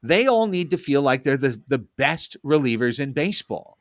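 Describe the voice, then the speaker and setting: A man's voice: mid-range voice, big pitch swings, normal speed, no room sound, clean studio sound. A man co-hosting a casual baseball podcast, telling stories and reasoning aloud. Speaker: podcast co-host.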